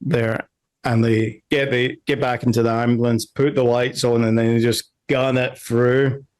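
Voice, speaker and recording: A man narrates a tabletop game scene as game master. He talks in a loose, rambling way, full of fillers, at a middling pitch. The tone is casual. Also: flat delivery, a little slow, a little mellow.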